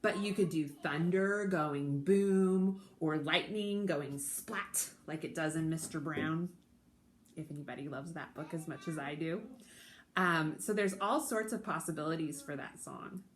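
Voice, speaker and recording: A woman hosting a children's storytime from home, leading a sing-along with a gentle, encouraging manner. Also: low voice, a little slow. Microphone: recording alone to camera.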